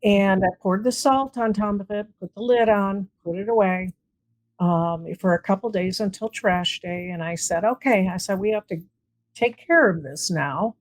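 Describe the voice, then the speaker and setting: Medium in pitch and moderate in pace, this woman's voice comes through a rough recording. As a guest on an interview, the paranormal investigator shares tales casually and livens them up by acting out what people said.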